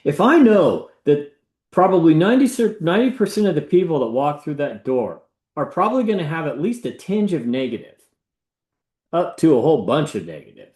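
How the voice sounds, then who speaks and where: Animated man telling a story in an echoey room. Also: fairly high pitch, a little fast. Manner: animated, acts out the people he quotes. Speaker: real estate agent. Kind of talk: casual storytelling talk.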